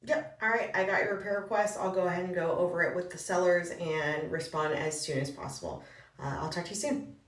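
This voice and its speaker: Brisk businesslike woman, distant and roomy. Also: on the low side, steady tone. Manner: brisk, polite businesslike phone talk. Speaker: real estate broker. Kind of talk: comedic reenactment of phone calls.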